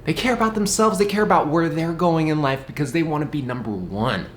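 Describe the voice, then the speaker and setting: A young man vlogging casually, playful and mock-dramatic, swinging between loud outbursts and low asides. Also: a little fast. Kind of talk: casual animated vlog rant. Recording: echoey room with faint noise.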